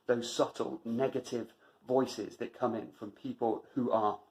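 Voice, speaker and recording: A man's voice: mid-range voice, fairly even intonation, measured pace, darkish tone, low-quality recording. A man delivering an emphatic motivational monologue as a running vlogger, driving points home by repeating phrases.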